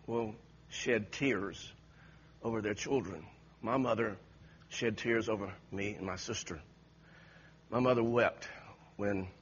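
Husky-voiced man preaching a sermon. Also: lowish voice, lo-fi sound. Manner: impassioned, repetitive exhortation.

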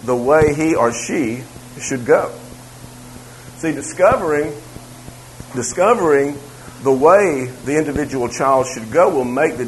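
A man's voice: medium pitch, a little hiss or hum, low-quality recording. A man teaching a church Bible class about raising children. He talks conversationally, repeats his phrases and makes asides to the room.

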